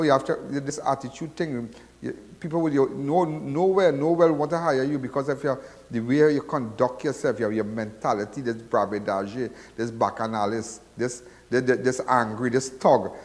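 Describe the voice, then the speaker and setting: Trinidadian male radio host, rambling, reverberant. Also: mid-range voice. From Trinidad and Tobago. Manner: rambling, repetitive, preachy. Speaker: radio call-in show host. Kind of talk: casual call-in talk.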